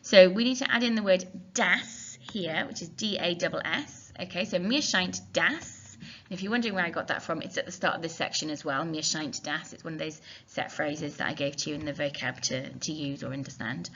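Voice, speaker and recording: A woman's voice: deep voice, a little fast, pushed and bright, a little hiss or hum. A woman teacher, explaining a recorded lesson step by step, spelling words out and thinking aloud on a dull, lo-fi recording. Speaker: German teacher.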